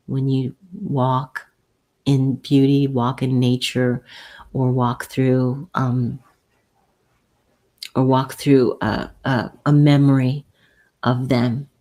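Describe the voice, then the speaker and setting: A woman with an unusually deep voice, hosting a spiritual advice chat. She speaks slowly and soothingly, repeating and restarting her phrases as she reads oracle cards for her viewers. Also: little pitch movement. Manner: gentle, soothing, halting with many repeats and restarts. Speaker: host and spiritual healer.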